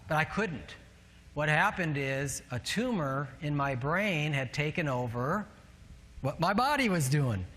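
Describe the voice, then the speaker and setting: Pastor with a northern US accent, preaching. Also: male voice, fairly high pitch, lively intonation, a little slow, fairly bright tone. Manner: storytelling with light self-mocking humor. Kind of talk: sermon. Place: church sanctuary. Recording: long reverb of a large church hall.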